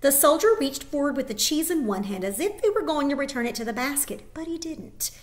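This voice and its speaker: A woman teacher reads a novel aloud for her students in a somewhat high voice. She narrates with expression and an occasional small stumble, then carries on. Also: expressive, a little fast.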